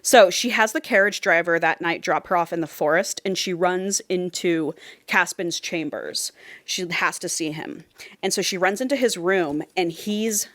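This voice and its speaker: A woman with a lowish, slightly bright voice co-hosts a podcast at a moderate pace, recapping a book's plot in casual chat. She retells it chattily, quoting the characters, with frank, profane humor.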